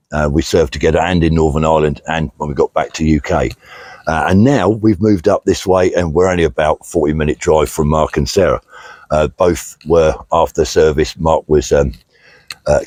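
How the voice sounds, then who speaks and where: On a countryside charity walk, a middle-aged British vlog host chats plainly and casually, reading thanks to donors amid many fillers. His voice is rumbling low with a darkish tone, and there is no echo.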